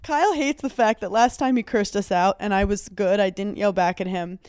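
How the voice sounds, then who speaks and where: A woman's voice: medium pitch, normal speed, darkish tone, smooth, dry recording, clean studio sound. A young woman chatting as a podcast guest, telling stories animatedly and laughing often. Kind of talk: casual chat.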